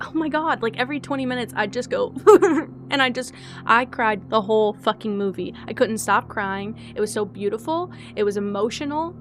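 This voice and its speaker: A young adult woman streaming, chatting casually and gushing excitedly, swinging between loud squeals and soft teary asides. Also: on the high side. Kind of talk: casual live-stream chat.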